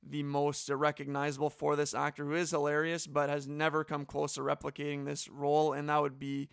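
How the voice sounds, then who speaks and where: Gravelly, smooth-voiced man chatting. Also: on the high side, monotone, a little fast, no room sound, clean studio sound. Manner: talkative, enthusiastic, many "like" fillers. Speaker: podcast co-host drafting movie characters. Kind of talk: casual podcast chat.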